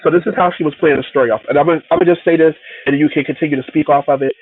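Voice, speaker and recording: A man's voice: a little high, fairly even intonation, very fast, husky, no room sound. Man on a tinny line giving opinions. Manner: opinionated, repeats himself for emphasis. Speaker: podcast co-host. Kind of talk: casual review chat. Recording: tinny phone-like line with faint hiss.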